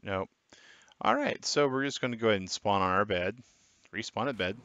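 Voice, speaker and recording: Bright-voiced man streaming a game. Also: lowish voice, brisk, dry recording, lo-fi sound. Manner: chatty, reads and answers chat. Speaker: gaming streamer. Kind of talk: live gameplay commentary.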